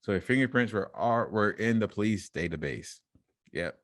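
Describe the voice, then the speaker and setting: A man's voice: lowish voice, expressive, normal speed, fairly bright tone, no room sound, clean studio sound. A man co-hosting a casual podcast, reading news stories aloud and joking and laughing between them. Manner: reads headlines, then riffs and laughs between lines. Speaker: podcast co-host.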